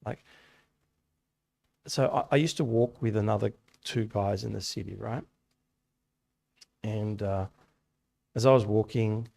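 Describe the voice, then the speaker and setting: A man's voice: fairly low pitch, gravelly, darkish tone. A man giving a casual, conversational sermon to a youth group, telling stories and asking rhetorical questions. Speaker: youth meeting speaker. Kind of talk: casual sermon to young people. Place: church hall.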